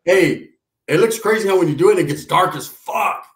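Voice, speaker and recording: A man's voice: sits high, animated, moderate pace, roomy sound. A middle-aged man telling loose, profane neighborhood stories in a casual chat, laughing as he goes. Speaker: podcast co-host.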